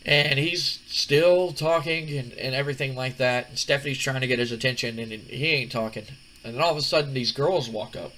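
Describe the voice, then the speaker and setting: A man's voice: mid-range voice, fairly quick, bright, forceful tone, rough recording. A man casually recapping a wrestling simulation game, rambling with many fillers and restarts. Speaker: gaming video host.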